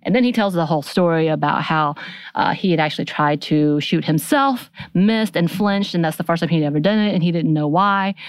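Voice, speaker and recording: Low-voiced woman recapping casually. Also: fairly quick, no room sound. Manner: chatty storytelling with frequent fillers. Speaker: podcast host.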